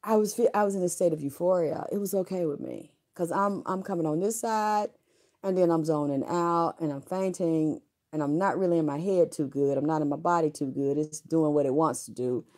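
Low-voiced middle-aged woman, frank and rambling. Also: brisk, a little mellow. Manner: frank, rambling, salty, with profanity. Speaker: vlogger. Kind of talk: candid personal storytelling.

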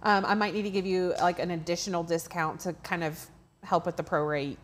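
A woman's voice: on the low side, steady tone, brisk. A woman who owns a craft shop, hosting a live training in a friendly, casual way and answering viewer questions.

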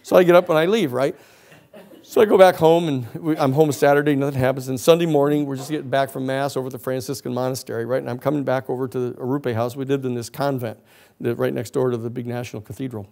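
A man with a gravelly, fry-edged voice tells a story to a class. He is animated and acts out the other people's lines as he goes, at a middling pitch. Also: fast talker. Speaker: lecturer.

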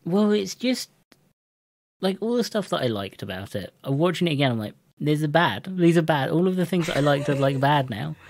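A man's voice: fairly high pitch, sing-song, fairly quick, a little mellow, no echo, studio quality. An English man co-hosting a podcast, chatting casually, rambling, restarting his sentences and laughing often. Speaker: podcast co-host. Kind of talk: casual chat.

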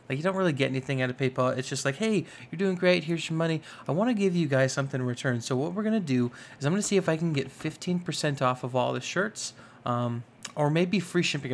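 A young man giving casual, rambling commentary over a modded block-building game, excitable and full of fillers. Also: mid-range voice, a little hiss or hum. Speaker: gaming YouTuber. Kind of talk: casual Minecraft let's play commentary.

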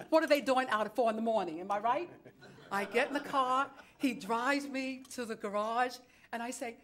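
A woman from New York stands at a council chamber podium and tells a long story in a chatty, theatrical way. Her voice sits a little high, and she plays out both sides of each conversation as she goes. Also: lively intonation, brisk, a bit bright. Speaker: public commenter. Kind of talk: animated storytelling at a council meeting.

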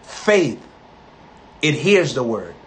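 A man preaching a live sermon, emphatic and rising to loud, high peaks on key words as he repeats and builds phrases into lists. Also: very animated, drawn-out words, slight background noise.

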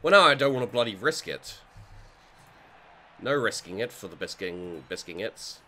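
A man's voice: lowish voice, lively intonation, normal speed, pushed and bright. A man talking through his own game as he plays, thinking aloud and swearing freely. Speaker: gaming channel host. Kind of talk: let's play commentary.

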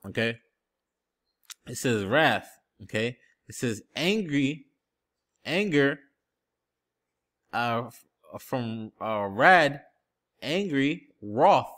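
A preacher with a mid-range, fairly bright voice teaches scripture in a very animated, emphatic style, speaking very slowly and pausing often. He checks in with "okay?" and "man" after nearly every phrase and looks up word definitions on screen as he talks.

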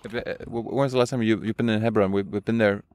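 A man's voice: fairly low pitch, steady tone, fast talker, darkish tone, no room sound. Man asking pointed interview questions. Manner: probing, challenging questions with hesitations.

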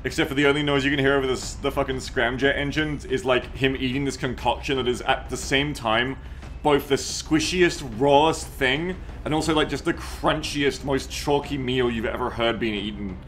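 A man's voice: medium pitch, moderate pace, a bit bright, slight background noise. A man streaming a strategy game, joking and swearing as he reads chat messages aloud and riffs on them. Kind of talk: casual gameplay commentary.

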